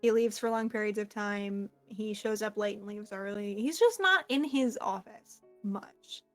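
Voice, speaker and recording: A woman running a tabletop game as game master, enthusiastic and quick to laugh. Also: mid-range voice, soft background music.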